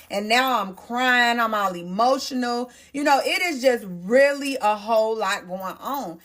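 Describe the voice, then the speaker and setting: A woman's voice: fairly high pitch, normal speed, few pauses, fairly bright tone. A pregnant woman telling a storytime vlog, speaking straight to her viewers and repeating phrases for stress.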